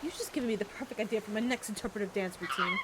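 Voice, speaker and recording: A woman's voice: mid-range voice, very fast, very noisy, natural voice. A woman voicing a dramatic flamingo dancer in a detective game, haughty and indignant, with a wobbly attempt at a southern drawl. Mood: huffy.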